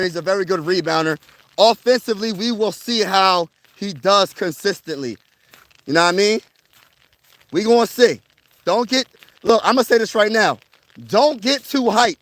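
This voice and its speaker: Young male sports vlogger with a high voice, chatty and hyped, talking on the move outdoors. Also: moderate pace, long pauses, no echo. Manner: excitable, slangy, repeats himself. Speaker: sports vlogger covering his city's teams. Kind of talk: casual livestream chat. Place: outdoors on a snowy wilderness trail, walking.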